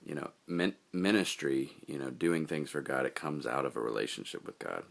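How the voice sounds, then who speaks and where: A man leading a group, giving relaxed, halting closing remarks full of fillers. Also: very deep voice, gravelly. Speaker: group leader addressing a mission team.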